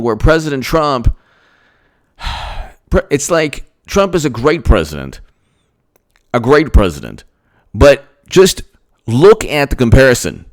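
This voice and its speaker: Male political commentator, lively swooping delivery, emphatic and repetitive, rhetorical questions. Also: a little high. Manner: animated, laughs between points. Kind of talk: opinionated political monologue.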